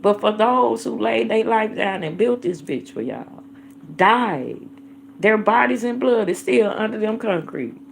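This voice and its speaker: Woman, livestream host, gravelly voice, preachy, emphatic, impassioned monologue. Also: medium pitch, expressive, unhurried, a little hiss or hum. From United States. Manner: preachy, calls listeners baby and honey; emphatic, rising to angry declarations.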